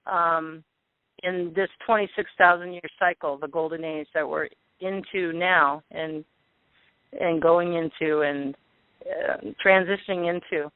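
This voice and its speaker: A man's voice: fairly high pitch, fairly even intonation, measured pace, smooth, no echo. A man hosting a call-in show, chatty as he plugs upcoming episodes. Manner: chatty, plugging upcoming shows. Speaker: host. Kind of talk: casual call-in show talk. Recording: dry tinny phone line.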